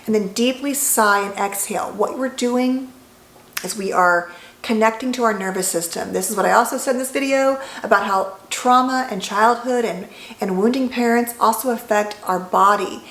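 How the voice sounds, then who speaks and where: A woman psychologist giving an educational talk to camera, calm and gently reassuring. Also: a little high, moderate pace, echoey room, low-quality recording. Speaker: licensed psychologist.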